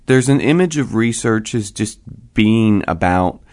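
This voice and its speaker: A man answering interview questions as a researcher, explaining things in a measured, step-by-step way. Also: on the low side, expressive, a little mellow.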